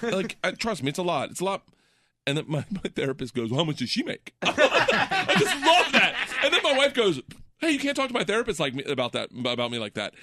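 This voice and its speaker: A man telling comic stories in casual chat. He laughs often and jumps into excited voices when quoting people. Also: quick pace, no echo, studio quality. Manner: animated, laughs often, does high excited voices in quotes. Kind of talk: casual comedic storytelling.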